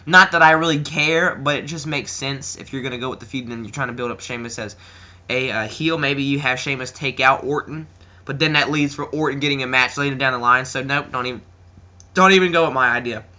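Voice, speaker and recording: Chatty teenage boy, bright lo-fi voice. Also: a little fast. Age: teens. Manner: rambling, filler-heavy, acts out quotes in a higher voice. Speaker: wrestling reviewer. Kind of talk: casual chat.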